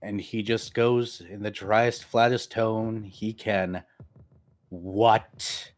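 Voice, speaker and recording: A man running a tabletop game as game master, narrating with animated storytelling. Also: fairly low pitch, takes it slowly.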